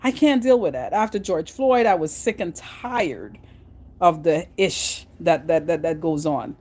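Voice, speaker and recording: Lively Guyanese woman telling stories. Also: fairly low pitch, a little slow. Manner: animated storytelling with frequent restarts. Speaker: vlogger. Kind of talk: casual monologue.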